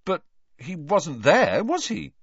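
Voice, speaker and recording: A man voicing a blunt, eager teenage boy in a much higher voice, on a dull lo-fi recording. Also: sing-song, slow pace, husky, dry recording, full character voice.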